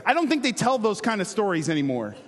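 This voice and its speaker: Brief: high-pitched man preaching casually, quips and questions, echoing sanctuary. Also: huge pitch swings, fast, a bit bright. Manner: conversational, joking, questions the congregation. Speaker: pastor. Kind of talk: sermon.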